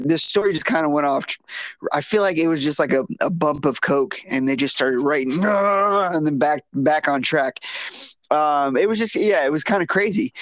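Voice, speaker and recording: Chatty man, slightly high voice. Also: no echo. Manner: rambling, self-interrupting, animated when incredulous. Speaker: podcast co-host. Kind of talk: casual film review chat.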